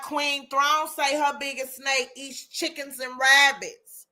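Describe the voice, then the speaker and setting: A woman's voice: high-pitched, flat delivery, slow pace, few pauses, bright, forceful tone. A woman hosting a casual live chat, exclaiming and talking to listeners by name. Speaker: host of a live chat room.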